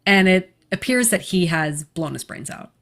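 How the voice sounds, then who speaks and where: A woman's voice: on the low side, lively intonation, normal speed, a bit bright. A woman co-hosting a casual podcast, recapping a horror movie plot in a chatty way with fillers and frequent laughs. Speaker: podcast co-host.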